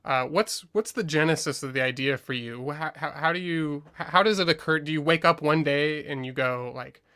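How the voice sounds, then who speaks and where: A man's voice: fairly high pitch, brisk, bright, forceful tone, smooth. A man hosting an interview, asking long, rambling questions full of hesitations and fillers. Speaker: interview host. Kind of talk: casual interview talk.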